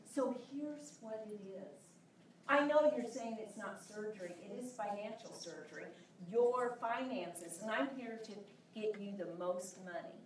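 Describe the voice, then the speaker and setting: A woman's voice: mid-range voice, a little slow, slight background noise. A woman giving a passionate live talk to an audience as a sales coach, emphatic and acting out conversations with clients. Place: large room before a live audience. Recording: echoey room, voice from far off.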